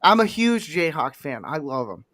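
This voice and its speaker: A man's voice: a little high, moderate pace, no echo. A man co-hosting a casual sports chat, telling stories and acting out what people said. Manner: animated storyteller, quotes people in put-on voices. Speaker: podcast co-host.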